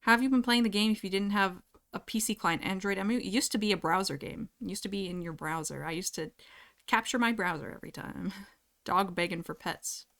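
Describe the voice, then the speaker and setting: A young woman chats casually with her live chat from a home streaming setup. She giggles often and reads messages aloud in a loose, friendly ramble. Her voice is mid-pitched and close to a desktop mic. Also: brisk, vocal fry, fairly bright tone.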